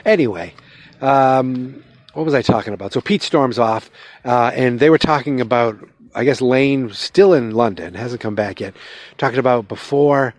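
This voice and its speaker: A man's voice: mid-range voice, moderate pace, a little mellow, no room sound. A man hosting a podcast, casually recapping a TV episode outdoors, rambling with lots of fillers and restarts. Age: adult, with a father-in-law. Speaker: podcast host. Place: outdoors, with passing vehicles.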